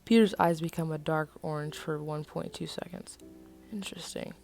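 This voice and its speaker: A woman's voice: low voice, steady tone, normal speed, gravelly, darkish tone, faint music behind. A woman reading her own first-person story aloud in a casual, plain way.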